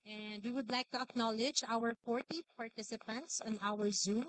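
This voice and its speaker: A woman's voice: a little high, fairly even intonation, moderate pace. A woman hosting an event in a hall, giving announcements with some hesitation. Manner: hesitant, with fillers and repeats. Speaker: event host.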